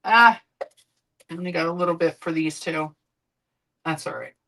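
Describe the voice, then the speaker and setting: A woman's voice: lowish voice, moderate pace, gravelly, long pauses, fairly bright tone, low-quality recording. A woman streamer chatting casually while she cooks, rambling and swearing now and then. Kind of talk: casual chat while cooking.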